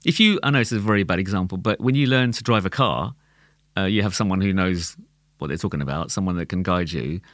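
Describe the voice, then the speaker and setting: A man with a London accent, a tabla player talking as a guest in a casual conversation, animated and quick to laugh, often repeating words as he thinks. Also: low-pitched, no echo, clean studio sound.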